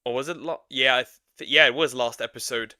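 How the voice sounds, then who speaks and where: A man's voice: medium pitch, fairly quick, bright, forceful tone, dry recording, studio quality. Chatty young man reacting to a show. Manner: chatty, rambling, laughs often. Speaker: VTuber streamer. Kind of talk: casual reaction commentary.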